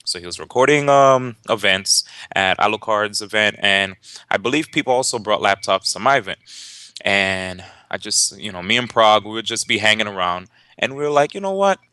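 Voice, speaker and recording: He's a young man who runs and commentates tournaments, recounting a story casually for an interviewer while laughing and restarting, with plenty of fillers. His voice is on the low side, clear and resonant, at normal speed. The recording is dry.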